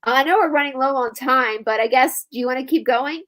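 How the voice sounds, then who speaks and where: High-voiced congested woman. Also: brisk. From United States. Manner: animated, laughing and swearing freely. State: congested, stuffy nose. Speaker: guest. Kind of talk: casual chat.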